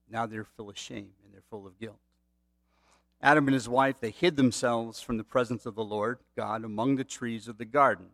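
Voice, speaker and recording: A man's voice: fairly low pitch, creaky, no room sound, clean studio sound. A middle-aged man preaching a sermon, telling stories in a conversational way with asides to the listeners. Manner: conversational, storytelling with asides to the audience. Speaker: pastor.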